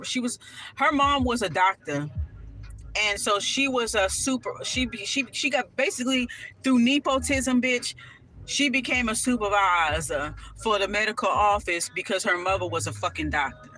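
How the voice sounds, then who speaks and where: A woman telling a personal story in a casual vlog, sassy and animated, swearing freely and full of asides. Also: mid-range voice, rough recording.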